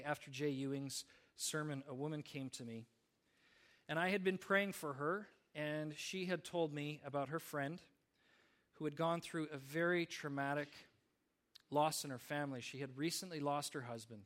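A man's voice: fairly high pitch, moderate pace, fairly bright tone. A man preaching a sermon, telling stories in an earnest way with small restarts. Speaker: pastor.

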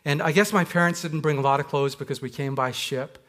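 A man from Canada preaching a sermon as a pastor, telling personal stories in a reflective way and slowing down on key words. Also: on the high side, fairly even intonation, a bit bright.

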